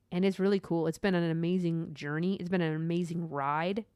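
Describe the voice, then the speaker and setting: A woman talking through her own faith podcast, earnest and meandering, full of "like" and side thoughts. Her voice is smooth and clear, recorded close and dry with no room sound. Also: on the low side, brisk, darkish tone, no room sound. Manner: earnest, rambling, with many asides and "like". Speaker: podcast host. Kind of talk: personal faith podcast monologue.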